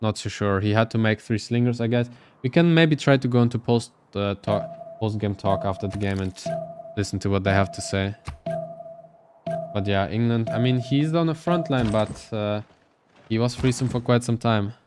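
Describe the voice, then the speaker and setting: A man's voice: lowish voice, normal speed, music in the background. A man casting a live strategy game match, giving loose, thinking-aloud play-by-play. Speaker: esports caster.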